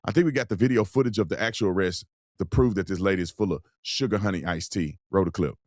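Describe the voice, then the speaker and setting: A man's voice: low voice, fast talker, a little mellow, no room sound, studio quality. A man giving blunt, mocking, heated commentary on video clips, with slangy, colloquial speech. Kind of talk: opinionated commentary.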